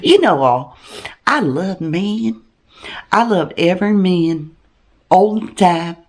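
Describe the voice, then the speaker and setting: A woman putting on a naive, flirty country woman, telling a comedic story in a slow drawl. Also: animated, exaggerated voice. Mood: gossipy. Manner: slow drawl with wildly swooping pitch. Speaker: channel host in a character. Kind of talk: comedic character monologue.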